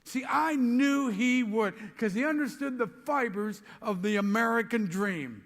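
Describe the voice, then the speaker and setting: High-voiced older man giving a rousing speech. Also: measured pace. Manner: energetic storytelling, acting out both sides of phone calls. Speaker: motivational speaker. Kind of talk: motivational speech. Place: large hall before an audience. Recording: long hall reverb with faint music.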